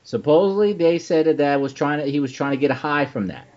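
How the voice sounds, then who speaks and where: A man's voice: fairly high pitch, fast talker, darkish tone. A man hosting a casual comedy podcast, laughing often and stammering as he talks. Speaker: podcast host. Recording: dull lo-fi podcast audio.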